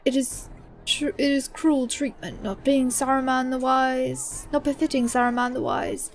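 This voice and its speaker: Woman as an earnest, formal young steward, soft-hearted, over light game music. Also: sits high, little pitch movement, measured pace. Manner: earnest, pleading, formal speech.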